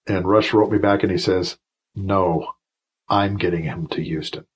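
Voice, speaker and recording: A retired officer in his fifties tells long stories as a podcast guest, wandering through asides and restarts and turning emotional. His voice sits low. It has a husky, slightly rough grain. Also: fairly even intonation, unhurried, poor audio. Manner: rambling, emotional anecdotes with many restarts. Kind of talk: storytelling in a casual interview.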